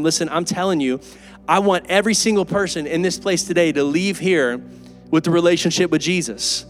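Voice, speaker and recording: A pastor preaching an earnest, emphatic and conversational sermon in a church. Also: male voice, fairly high pitch, brisk, soft background music. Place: church sanctuary.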